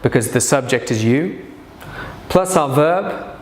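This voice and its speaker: Guy teaching english grammar real slow, echoey room, faint hum behind. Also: mid-range voice, animated. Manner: slow, deliberate, repeats example sentences. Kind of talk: grammar lesson to camera.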